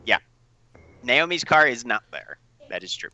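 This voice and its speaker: A man's voice: medium pitch, big pitch swings, moderate pace, sharp tone, poor audio. A man narrating a tabletop role-playing game as storyteller, with dry joking asides.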